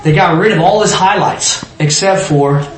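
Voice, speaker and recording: A man's voice: on the high side, normal speed. A man leading an interactive Bible study, talking conversationally, quizzing his small group and often restarting his sentences. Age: adult parent. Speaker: Bible teacher. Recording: echoey room with faint noise.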